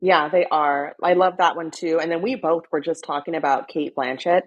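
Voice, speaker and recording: A young woman co-hosting a casual fashion chat, excitable and animated, squealing when she gets excited. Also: sits low, moderate pace, slightly rough, dull audio. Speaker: co-host.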